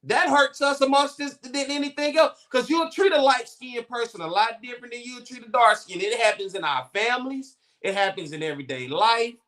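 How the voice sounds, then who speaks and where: Blunt, bright-voiced man in casual talk. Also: extremely high pitch, fairly quick, few pauses. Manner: blunt, animated storytelling with profanity. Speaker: co-host. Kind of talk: casual podcast chat.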